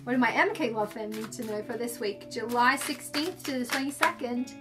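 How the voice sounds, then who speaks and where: A woman's voice: fairly high pitch, fairly quick. A woman doing a casual, gushing livestream card reading, chatty and full of fillers. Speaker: tarot and angel card reader. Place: indoors under filming lights.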